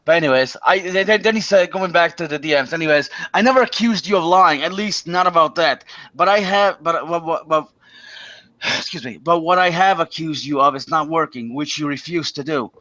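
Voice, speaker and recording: A man with a fairly high voice rants on a stream, stammering over his words and swearing as he airs his grievances. The sound is dry and a little dull, like a lo-fi mic. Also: moderate pace, sharp tone, no room sound. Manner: stammering, profane, indignant. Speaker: stream host. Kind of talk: casual ranting chat.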